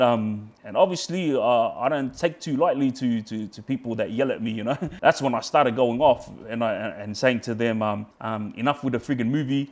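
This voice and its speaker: Australian guy, mid pitch, conversational guest, rambles and repeats words. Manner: rambling, repeats words and restarts, quotes himself. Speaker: podcast guest. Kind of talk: casual storytelling.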